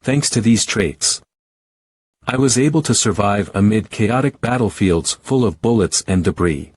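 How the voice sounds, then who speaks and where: A man giving a first-person story recap narration in a steady, even reading. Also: on the low side, measured pace, breathy edge, no room sound.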